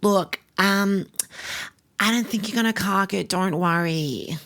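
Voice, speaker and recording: A man's voice: high-pitched, slow pace, a bit bright, full character voice. A man playing a spoiled, bratty young Australian woman about to turn 21, talking in a vlog-style comedy monologue full of "like" and crude swearing. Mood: wheedling. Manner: valley-girl drawl, filler likes, crude swearing.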